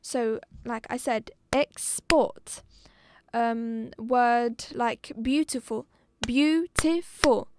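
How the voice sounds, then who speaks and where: Slow high-voiced woman teacher. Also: little pitch movement, darkish tone, a little hiss or hum. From Algeria. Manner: patient, repeats words slowly and clearly. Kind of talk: live online exam-prep lesson.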